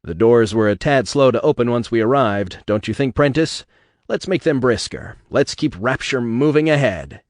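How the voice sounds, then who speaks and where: An authoritative, brisk city founder, as a male narrator puts him on, measured and demanding. A storybook reading with a dry, close sound. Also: medium pitch, dry recording, lightly acted.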